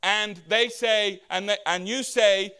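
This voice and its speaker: A man with a notably high voice delivers a casual, conversational sermon as pastor. He throws rhetorical questions at the congregation and slips into quick voices for the Bible characters he quotes. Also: steady tone, bright, forceful tone, clear, resonant tone.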